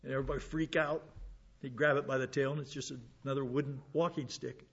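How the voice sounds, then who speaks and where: A man's voice: mid-range voice, fairly even intonation, fast, slightly rough, highs cut off. A man giving an informal Bible lesson, chatting along, repeating words and asking rhetorical questions. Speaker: Bible teacher.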